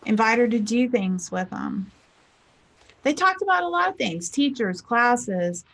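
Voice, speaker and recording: Chatty higher-voiced woman, life coach. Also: measured pace. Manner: chatty, acts out quoted people in lively voices. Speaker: spiritual teacher and life coach. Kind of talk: casual motivational talk.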